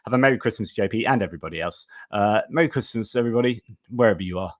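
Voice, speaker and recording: A man hosting a casual live-stream conversation, talking hesitantly with frequent pauses and restarts. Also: fairly low pitch, no room sound, studio quality. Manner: hesitant, many fillers and restarts. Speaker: host.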